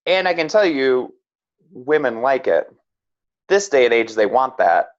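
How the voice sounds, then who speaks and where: A man's voice: mid-range voice, sing-song, measured pace. A man speaking as a podcast guest, earnest and frank, with many "like"s and "right?"s. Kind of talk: casual reflective chat. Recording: slightly dull lo-fi sound.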